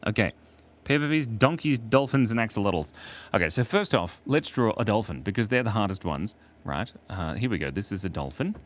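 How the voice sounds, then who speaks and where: An Australian man chatting playfully with viewers while drawing on a live stream. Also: mid-range voice.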